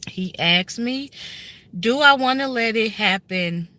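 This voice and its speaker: A woman's voice: on the high side, lively intonation, slow pace, sharp tone. A woman in her thirties tells a personal story in a car, speaking earnestly and emotionally and often turning straight to her viewers. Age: 30s. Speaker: vlogger telling a personal story. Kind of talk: casual heartfelt story time. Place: inside a car.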